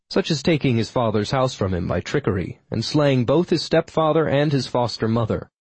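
Husky-voiced male audiobook narrator. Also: mid-range voice, a little mellow, no room sound. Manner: dry, wry storytelling. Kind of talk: scripted first-person narration.

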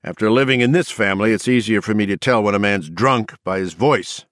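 A cold, furious woman who snaps her words short and swears freely, as a man reads her out. Her pitch sits a little higher than his own deep voice, still low for a woman, in a dry close sound. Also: fairly quick, fairly bright tone, no echo, natural voice. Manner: barking, clipped, profane. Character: curt, furious grown woman.

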